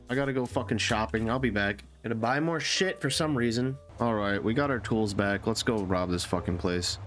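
A man giving profane, excitable let's-play commentary as a gaming YouTuber, often yelling at the game. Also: fairly low pitch.

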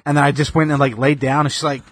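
A man in his thirties with a husky voice, recorded close and dry. He tells stories in a laid-back podcast chat, full of fillers, his voice often drifting quiet. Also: fairly high pitch, little pitch movement, quick pace, dry recording. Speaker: podcast co-host. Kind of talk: casual chat.

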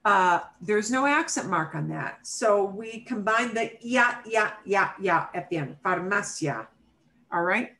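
A woman teaching a Spanish class over a video call, who models pronunciation by repeating words slowly and checks in often with her students. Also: mid-range voice, animated, sharp tone, low-quality recording. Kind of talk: online class instruction.

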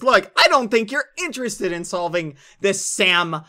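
A man's voice: high voice, expressive, unhurried, pushed and bright. A man streaming a game, arguing in comedic in-character role-play with an indignant, insistent, dramatic manner.

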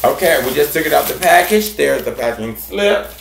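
A man hosting a gardening channel, chatting casually and warmly to viewers, effusive and repetitive. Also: animated, normal speed, vocal fry, echoey room, a little hiss or hum. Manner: effusive and affectionate, repeats himself, big swings in pitch. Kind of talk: casual vlog chat to viewers.

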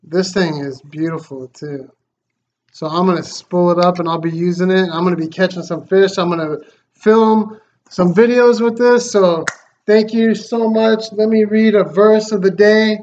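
A man hosting a fishing channel, unboxing gifts in a casual vlog, excited and full of thanks. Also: sits high, moderate pace. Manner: excited, grateful, exclaiming. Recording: slightly dull lo-fi sound, faint noise.

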